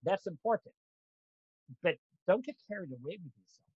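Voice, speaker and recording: A man teaching a religious lesson, acting out inner voices dramatically and bursting into shouts. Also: sits high, lively intonation, normal speed, long pauses, breathy edge, no echo. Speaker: Torah teacher. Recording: dull lo-fi dry recording.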